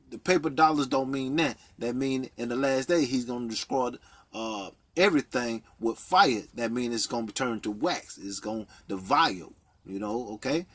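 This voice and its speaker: A man's voice: medium pitch, a bit bright, dry recording. A man teaching a Bible study, reading verses aloud and explaining them, checking in with frequent "okay?" and "all right?". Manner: reads scripture slowly, explaining with frequent "okay?".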